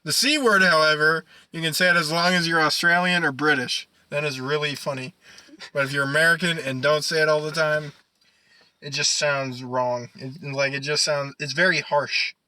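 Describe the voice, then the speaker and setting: A man's voice: fairly high pitch, fairly even intonation, normal speed, sharp tone, no room sound, rough recording. A young man co-hosting a casual podcast, rambling and swearing, laughing often. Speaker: podcast co-host. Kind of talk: casual chat.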